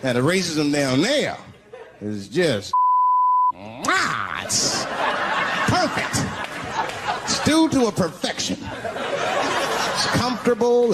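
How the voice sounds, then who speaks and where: A man doing a stand-up routine, talking loosely and conversationally and throwing questions to the audience. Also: high voice. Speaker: stand-up comedian. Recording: loud crowd and heavy noise.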